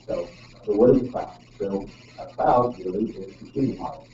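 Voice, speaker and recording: A man's voice: on the low side, fairly quick, warm tone. A man giving a technical presentation to a live audience, talking casually with many ums and frequent tag questions. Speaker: presenter at a user group meeting. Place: meeting room. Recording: roomy, distant, dull sound with faint noise.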